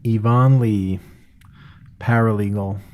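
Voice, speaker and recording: Male lawyer host, low-ish voice, persuasive interviewer. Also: steady tone, slow pace, darkish tone, a little hiss or hum. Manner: prompting questions, persuasive pitch. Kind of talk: podcast interview.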